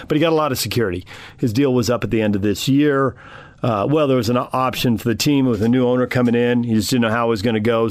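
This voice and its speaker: A man's voice: medium pitch, dry recording. A man hosting a morning sports radio show, giving blunt, emphatic verdicts in short bursts.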